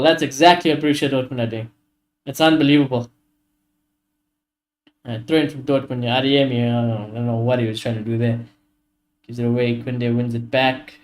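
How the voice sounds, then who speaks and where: A man hosting a live football watchalong stream, reacting to the match with excitable, frustrated commentary, swearing often and talking to his chat. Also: medium pitch, brisk, pauses often.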